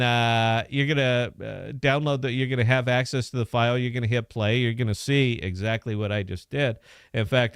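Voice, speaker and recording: A podcast host talks in a loose, profane, instructional way. His voice is clean and resonant at a middling pitch. The sound is dry and close. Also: clear, resonant tone, dry recording. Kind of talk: casual podcast chat, demoing an app.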